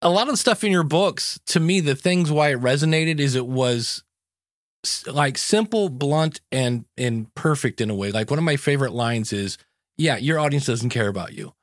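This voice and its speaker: A man's voice: mid-range voice, lively intonation, normal speed, no room sound, clean studio sound. A man hosting a podcast in casual interview chat, chatty and joking as he sets up his questions. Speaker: podcast host.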